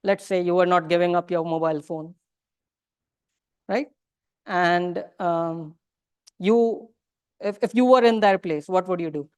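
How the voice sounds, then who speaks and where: Smooth-voiced woman teacher. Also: lowish voice, unhurried, long pauses, dry recording. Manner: questioning the audience, mixing in Hindi phrases. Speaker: religious teacher. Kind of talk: interactive lecture to a class. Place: temple lecture room.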